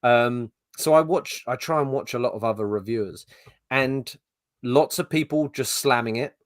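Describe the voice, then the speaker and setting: A man's voice: mid-range voice, normal speed, no echo. Ranting man, dry close sound. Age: middle-aged. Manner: ranting, exasperated, swears freely. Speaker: podcast co-host. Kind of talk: casual podcast chat.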